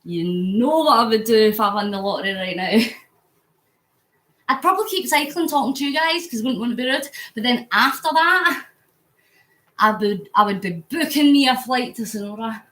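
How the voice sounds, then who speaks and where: At home on an exercise bike, a Scottish vlogger live-streams a charity cycle from her phone, chatting casually with viewers, reading their comments and getting sweaty. Her voice is slightly high, animated, a bit bright and moderately paced, with a roomy sound.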